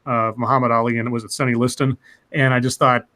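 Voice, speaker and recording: A man's voice: medium pitch, flat delivery, fast, sharp tone. A man hosting a casual live-streamed chat show, rambling and hesitant with lots of fillers. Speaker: podcast host.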